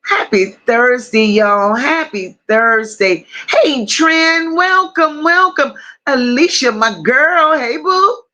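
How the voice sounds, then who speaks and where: A woman hosting a casual livestream, slowly greeting viewers by name and reading their comments aloud. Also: high-pitched, lively intonation. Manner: warm drawn-out greetings with endearments. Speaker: livestream host.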